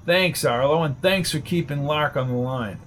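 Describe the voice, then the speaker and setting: A calm, low-key investigator who speaks evenly and plainly , read by a male narrator. Audiobook voice with a faint hiss in the background. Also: moderate pace, natural voice.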